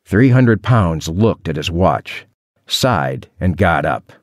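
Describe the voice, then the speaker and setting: A man narrating a first-person adventure audiobook in a wry, expressive storytelling manner. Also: deep voice, slow pace, dry recording, studio quality.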